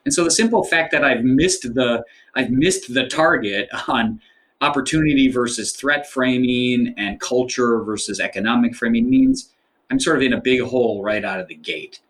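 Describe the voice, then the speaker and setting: A man's voice: mid-range voice, moderate pace, a bit bright. A man as an author guest in an interview, explaining ideas thoughtfully with frequent fillers. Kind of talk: interview conversation.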